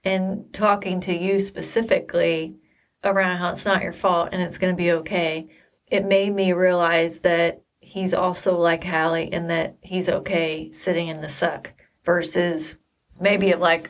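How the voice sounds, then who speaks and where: A woman co-hosting a podcast, retelling a family story in casual chat, quick and lively with quoted dialogue. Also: on the low side. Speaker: podcast co-host.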